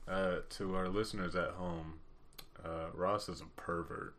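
A young man co-hosting a casual podcast, joking loudly and often breaking into shouts and laughter. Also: deep voice, steady tone, unhurried, slight background noise. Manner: loud, jokey, swings to shouts and laughs. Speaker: podcast host.

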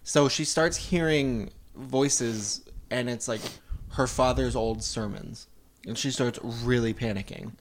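Man, podcast host, casual chat, animated plot retelling, lots of "like", faint background noise. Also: medium pitch, takes it slowly.

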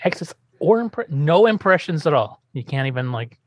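Male podcast host, lively pitch that leaps around, teasing banter, dry close mic. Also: normal speed, dry recording. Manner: animated, jokey, swings up into high exaggerated tones. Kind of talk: casual comedic podcast chat.

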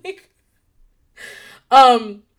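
A woman in a casual, profane, animated chat, rambling through anecdotes and a TV recap from her home office. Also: extremely slow. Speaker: podcaster recapping a TV show.

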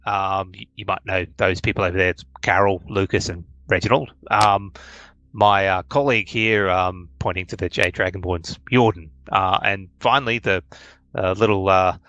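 A man voicing a calm, courteous older dragon-man who makes introductions with easygoing hesitations, in a tabletop game. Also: low-pitched, normal speed, dull audio. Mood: polite.

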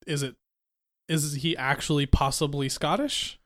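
A man's voice: fairly high pitch, unhurried, fairly bright tone. A man co-hosting a casual chat, curious and talkative, thinking aloud as he goes.

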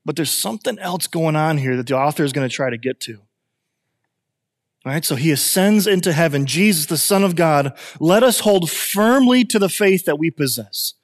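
A man in his thirties preaching a sermon as pastor, animated and conversational, with restarts and jokes. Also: on the high side, moderate pace, long reverb tail.

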